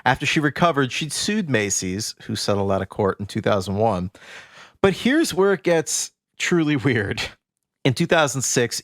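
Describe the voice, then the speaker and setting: A man's voice: medium pitch, dry recording, studio quality. A man co-hosting a podcast, casually recounting odd facts with playful asides. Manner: animated storytelling, playful asides. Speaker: podcast co-host.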